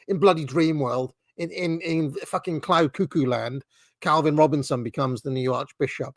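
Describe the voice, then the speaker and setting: Host rant, man, sarcastic and exasperated, slightly high voice, dry close sound. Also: normal speed, no room sound. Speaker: commentary channel host. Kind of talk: ranting online commentary.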